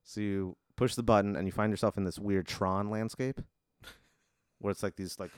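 Man, low voice, deadpan comedy storyteller, laid-back, dry close mic. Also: moderate pace, clear, resonant tone, no echo. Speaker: co-host posing a hypothetical.

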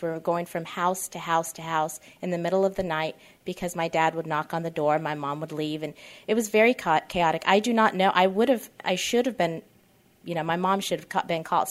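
A woman around fifty speaking at a twelve-step meeting, candid and rambling, often backtracking. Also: fairly low pitch. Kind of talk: personal share at a support meeting. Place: meeting room.

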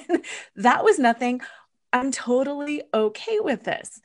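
Animated woman telling stories, high voice. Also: moderate pace. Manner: animated storyteller, acts out her own thoughts. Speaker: guest. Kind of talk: casual interview chat.

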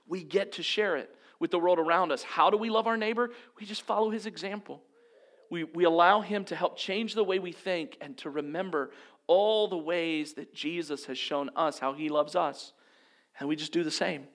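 Earnest preaching man, higher voice. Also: a bit bright. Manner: earnest, repetitive preaching cadence. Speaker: pastor. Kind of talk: sermon. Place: church service, also streamed online.

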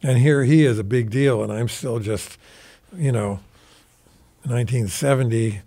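A man's voice: medium pitch, measured pace, warm tone. Older man, guest musician, rambling anecdotes, casual storytelling. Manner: rambling anecdotal, mimics quoted voices.

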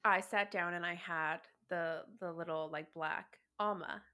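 Bright-voiced woman podcast co-host. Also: on the low side, measured pace. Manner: swears freely, quotes others in animated voices. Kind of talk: casual chat.

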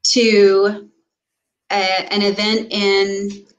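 A woman's voice: mid-range voice, flat delivery, very slow, highs cut off. A woman co-hosting a casual talk show, telling stories with lots of fillers and restarts. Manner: storytelling with many fillers and restarts. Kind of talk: casual chat.

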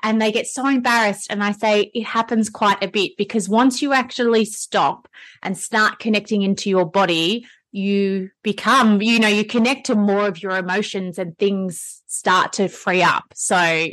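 A woman's voice: mid-range voice, fairly even intonation, normal speed, a bit bright. A woman hosting a podcast, a Pilates instructor, talking in an enthusiastic, chatty way. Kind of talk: casual podcast chat.

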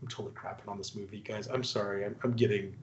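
A man's voice: on the low side, little pitch movement, fast, slight background noise. A man co-hosting a casual movie review chat, ranting profanely and laughing often. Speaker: podcast co-host. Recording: echoey, dull lo-fi room sound.

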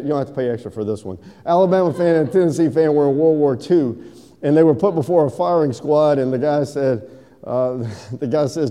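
A male pastor preaching with a mellow, dark tone set a little high, his voice ringing out in a long hall reverb. He moves between quick joke-telling and slow, solemn passages. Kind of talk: sermon.

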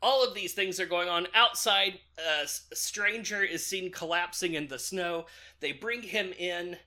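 A man with a bright, fairly high voice recaps a film for a podcast. His retelling is loose and jokey, full of "like" and "uh," restarts and little laughs at his own jokes. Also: unhurried. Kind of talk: casual movie recap chat.

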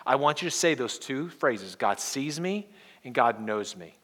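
A male pastor preaching a sermon in an earnest way, moving between hushed and emphatic delivery and leading the congregation in call-and-response. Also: mid-range voice, animated, measured pace.

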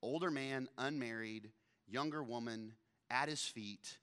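A male pastor delivers a sermon in a loose, joking, conversational way, often breaking into laughter. His voice is bright and forceful, with an ordinary pitch for a man. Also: unhurried, clean tone, big-room sound.

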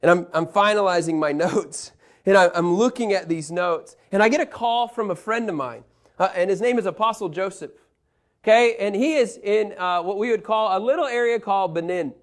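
Preaching-style Bible teaching comes from a lively man who tells stories and shifts from booming emphasis to hushed asides. He is high-pitched and keeps a moderate pace.

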